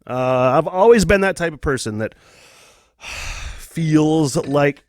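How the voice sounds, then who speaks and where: A man's voice: a little high, slow, no echo, clean studio sound. A man hosting his own podcast, talking candidly and casually, swearing a lot and laughing often. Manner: profane, rambling, laughs often. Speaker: podcast host.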